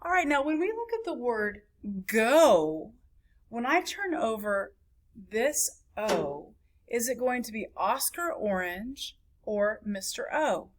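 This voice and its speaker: A woman's voice: on the high side, very animated. A woman teaching a phonics lesson to a class, sounding out words syllable by syllable. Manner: slow, clapping out words syllable by syllable.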